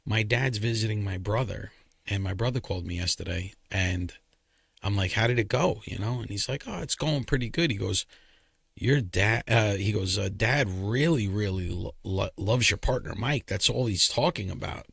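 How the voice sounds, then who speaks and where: A man's voice: fairly low pitch, normal speed, gravelly, a bit bright, breathy edge, dry recording. A man with a New York accent co-hosting a podcast in a studio, chatting casually and trading teasing banter. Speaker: podcast co-host. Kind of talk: casual chat. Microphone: studio microphone.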